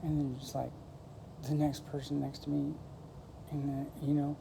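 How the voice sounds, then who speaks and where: A woman's voice: low voice, normal speed, creaky, dark tone, a little hiss or hum, low-quality recording. A woman vlogger talking casually to her camera, wandering from thought to thought with lots of "like" and "you know". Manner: meandering, full of "like" and "you know", laid-back. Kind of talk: rambling casual monologue to camera.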